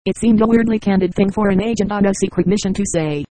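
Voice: medium pitch, quick pace, mellow, no room sound, rough recording. A text-to-speech narrator reading a science fiction novel, voicing symbols and numbers aloud literally. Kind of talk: scripted audiobook narration.

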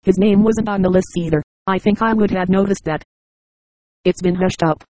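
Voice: mid-range voice, moderate pace, a little mellow, no room sound, close to an everyday voice. A synthetic text-to-speech narrator voicing a guarded young woman who speaks bluntly and threatens when pressed. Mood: wary. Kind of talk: audiobook dialogue.

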